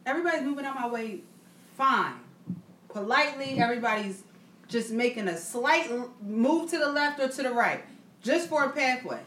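A woman's voice: high-pitched, lively intonation, brisk, a bit bright, reverberant, recorded from a distance, a little hiss or hum. A woman co-hosting a casual chat podcast, telling stories in a brash, profane way. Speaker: podcast co-host.

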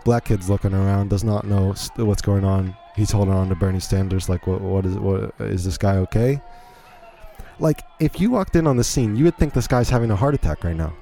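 A man's voice: lowish voice, quick pace, hardly any pauses, warm tone, soft background music. A man hosting a podcast, giving incredulous, rambling play-by-play commentary on a video in a casual way. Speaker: podcast host.

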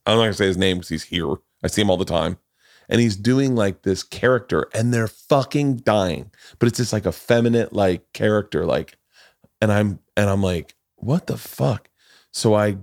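A man hosting a podcast, telling stories in a lively, profane way. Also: lowish voice. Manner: animated, profane storytelling. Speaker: podcast host. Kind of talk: casual chat.

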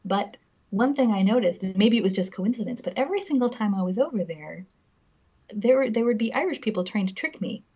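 A woman's voice: medium pitch, lively intonation, a little fast, dark tone, husky, muffled recording. A woman guest in a casual podcast chat, giggly and self-deprecating as she reads out facts. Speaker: guest, musician.

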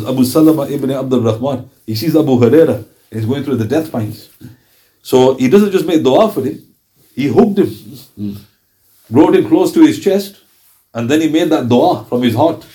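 A man's voice: medium pitch, animated, normal speed, dark tone. A man giving an Islamic history lecture, reading narrations and asking rhetorical questions, often acting out the quoted speakers with dramatic emphasis. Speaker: Islamic teacher. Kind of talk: religious lecture.

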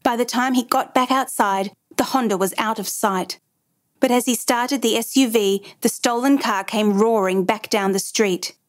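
A woman's voice: a little high, normal speed. Woman narrating a true-crime story.

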